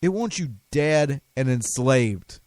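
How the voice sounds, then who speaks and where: A man's voice: mid-range voice, lively intonation, slow, a little mellow, dry recording. A man hosting a talk radio show, delivering an impassioned, emphatic monologue with frequent restarts. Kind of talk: conspiracy talk radio rant.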